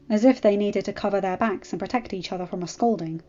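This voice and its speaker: A woman reads fan fiction aloud in a steady, even narrating voice. The recording sounds a bit dull, with soft music in the background. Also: mid-range voice, fast talker.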